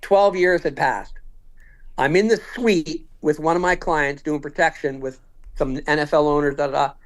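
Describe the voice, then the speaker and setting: A man's voice: fairly high pitch, normal speed. A man in his fifties telling a story in casual conversation, acting out what each person said. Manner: animated, acts out quoted dialogue. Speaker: podcast guest.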